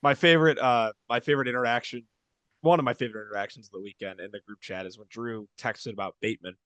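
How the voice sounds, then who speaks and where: A man's voice: medium pitch, fairly even intonation, fast, a bit bright, clear, resonant tone, dry recording. Chatty male podcast co-host, dry sound. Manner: loose and chatty, frequent restarts. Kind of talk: casual sports podcast chat.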